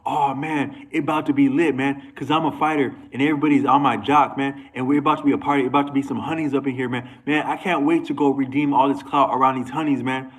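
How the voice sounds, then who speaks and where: A man's voice: medium pitch, fast, husky, recorded from a distance, voice pushed up, close to an everyday voice. A man putting on the voice of a boisterous bragging fighter who drops bro slang and stretches out "man". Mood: hyped.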